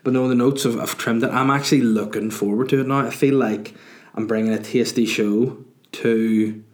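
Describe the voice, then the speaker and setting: A man's voice: medium pitch, fairly even intonation, normal speed, darkish tone. A man, a comedian hosting his own podcast in a rambling, self-mocking monologue full of fillers.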